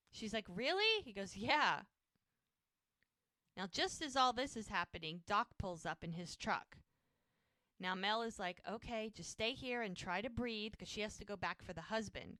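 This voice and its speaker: A woman co-hosting a rewatch podcast, chatting casually through the plot. She slips into animated character voices for the quotes. The sound is close and dry, with no room around her. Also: medium pitch, clean tone, no room sound. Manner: animated retelling, acts out character lines. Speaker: podcast co-host. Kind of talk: casual episode recap.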